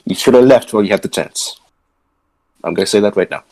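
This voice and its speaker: A man's voice: on the low side, fast, no room sound. A man running a tabletop game as game master over an online voice call, setting scenes and asking the players questions. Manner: explains calmly, sets scenes, asks players questions.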